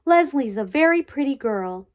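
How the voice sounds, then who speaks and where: A woman voicing a prim schoolteacher who scolds her class gently, in a storybook reading. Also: sits high, animated, normal speed. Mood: scolding. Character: prim, patient female schoolteacher.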